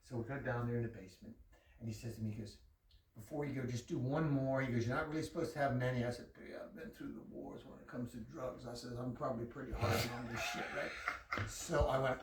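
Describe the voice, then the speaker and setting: A man telling a profane, animated story full of quoted dialogue in a casual chat with a friend. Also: mid-range voice, fast, reverberant, recorded from a distance, background noise. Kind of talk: casual anecdote told to a friend.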